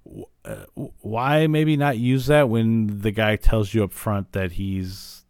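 Low-voiced man rambling through a cartoon recap. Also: very animated, takes it slowly, vocal fry, darkish tone, smooth, dry recording, studio quality. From Illinois. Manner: rambling, filler-heavy retelling. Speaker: podcast host. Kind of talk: casual recap of a cartoon episode.

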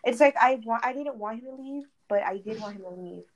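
A woman's voice: fairly high pitch, a little fast, low-quality recording. A young woman telling a friend a dramatic story in casual chat, full of "like" fillers and swearing. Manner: animated gossiping, heavy "like" fillers, frequent swearing. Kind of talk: casual chat while gaming. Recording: faint background noise.

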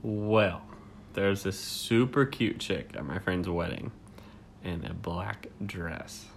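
Low-voiced laid-back man. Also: takes it slowly, gravelly, a little hiss or hum. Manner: laid-back, swears freely, storytelling. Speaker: co-host. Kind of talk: casual chat.

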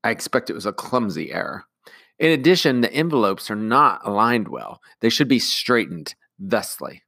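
A man's voice: fairly low pitch, sing-song, normal speed, vocal fry, pushed and bright, no room sound, clean studio sound, exaggerated voice. A man voicing a prim, fussy woman. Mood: critical. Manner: clipped, critical.

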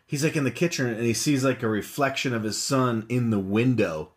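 A man's voice: mid-range voice, a little fast. A man co-hosting a podcast, talking casually about a film with wry, sarcastic asides. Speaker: podcast co-host. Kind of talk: casual movie discussion.

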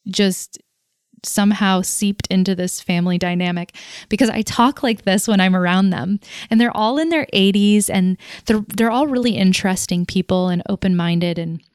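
Smooth-voiced woman musing at length. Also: medium pitch, no room sound, clean studio sound. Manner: rambling, goes off on tangents; laughs at herself. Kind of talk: casual reflective monologue.

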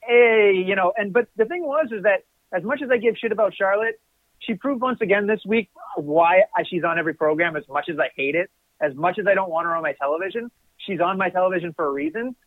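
A man's voice: high-pitched, fast, no echo. Man on a tinny phone-like line. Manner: rambling, self-correcting opinions. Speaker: podcast co-host. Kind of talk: casual chat.

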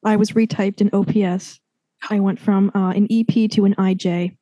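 A woman's voice: medium pitch, little pitch movement, moderate pace, mellow, no echo, highs cut off. A woman co-hosting a podcast, chatting casually and playfully, hesitating with fillers like "um" and "like". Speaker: podcast co-host. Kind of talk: casual conversation.

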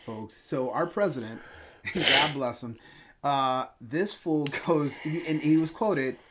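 A man co-hosting a casual podcast chat, animated and swearing freely. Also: mid-range voice, takes it slowly, crowd noise. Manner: animated, swearing, laughs while talking. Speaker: podcast co-host.

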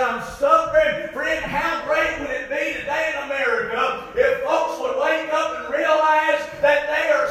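A man preaching a sermon, shouting with fervor and then dropping to a low, soft voice. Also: heavy reverb. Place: church sanctuary.

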